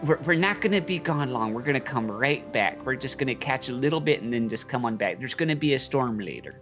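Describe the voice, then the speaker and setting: A man in a tabletop game speaking in character as a gentle father. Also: medium pitch, expressive, a little fast, over music. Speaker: player.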